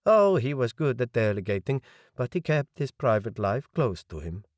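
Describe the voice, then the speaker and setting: A male audiobook narrator playing a grieving young man who speaks in a measured, rueful way. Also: mid-range voice, sing-song, no echo, studio quality, close to an everyday voice. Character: young adult man, grieving politician's son, guarded.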